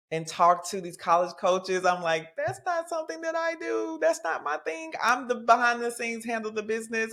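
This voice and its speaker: Chatty woman in her forties. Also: sits low. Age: 40s. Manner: chatty and animated, with casual slang. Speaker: podcast host. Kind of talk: casual podcast monologue.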